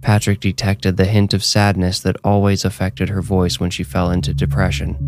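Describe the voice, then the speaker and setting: A man with a very deep voice narrates a horror story in a steady, even way. Music plays clearly behind him. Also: normal speed.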